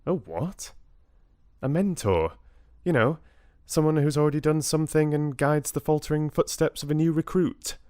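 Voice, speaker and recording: A man's voice: a little high, moderate pace, no room sound, studio quality, pitched above the performer's own voice, lightly acted. A man voicing a wry, amused young British woman in an audiobook. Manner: light, amused, lively. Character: young woman, new royal girlfriend, wry.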